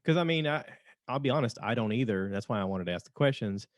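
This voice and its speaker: A man's voice: mid-range voice, expressive, fast talker, no room sound, studio quality. A man from North Georgia hosting a podcast in casual chat, laughing often and drifting into tangents. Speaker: podcast host.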